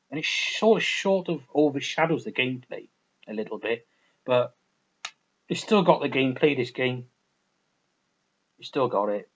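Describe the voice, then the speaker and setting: A gaming vlogger with a mid-range male voice and cut-off highs rants casually about old video games. He rambles, swears a lot, and keeps repeating himself in this offhand game review.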